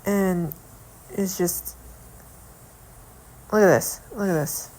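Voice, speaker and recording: A woman's voice: lowish voice, slow, darkish tone. A young woman vlogging at home in casual chat, earnest and indignant, rambling with lots of fillers as she talks.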